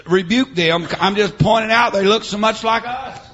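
A middle-aged preacher man delivers a revival sermon through a church PA, his voice sitting a bit high for a man. He jumps from shouting to near-hushed storytelling and keeps dropping in "uh, amen" and "huh?". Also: normal speed. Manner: swings between shouted preaching and quiet storytelling. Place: church sanctuary with PA.

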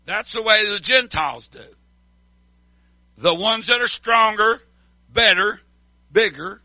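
A man preaching a sermon as pastor, calling out to the congregation and swinging from loud declarations to hushed asides. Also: high voice, dry recording.

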